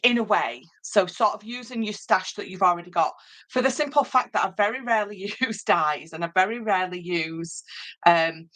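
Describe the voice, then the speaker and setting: A woman's voice: medium pitch, normal speed, bright, forceful tone, rough recording. A woman hosting a live crafting tutorial in a chatty, rambling way, greeting viewers by name with lots of ums. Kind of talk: casual live craft demonstration.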